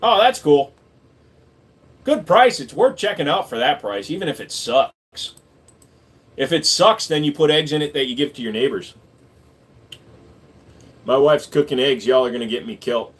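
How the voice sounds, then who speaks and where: A man's voice: a little high, lively intonation, moderate pace, long pauses, slightly rough. A man hosting a livestream, reading viewer questions aloud and answering them in an offhand, joking way. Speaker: livestream host answering chat. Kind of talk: casual livestream chat.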